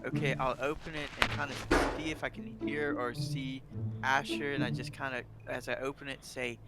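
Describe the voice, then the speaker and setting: A man's voice: mid-range voice, level tone, moderate pace, loud music behind the voice. A man playing a tabletop game, rambling and restarting his sentences. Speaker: player. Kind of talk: casual tabletop play.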